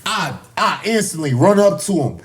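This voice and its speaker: A man telling a boxing story on a podcast, acting out the voices of people in it with shouts and laughs. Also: sing-song, moderate pace. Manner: acts out quotes with big pitch jumps, laughs and shouts. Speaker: boxer, podcast guest. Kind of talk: animated storytelling.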